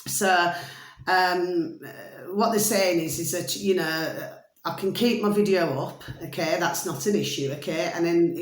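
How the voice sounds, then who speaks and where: A woman's voice: lowish voice, echoey room. A woman, rambling affectionately to her viewers in a sing-song, meandering way, full of pet phrases. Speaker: vlogger. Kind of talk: rambling casual address to camera.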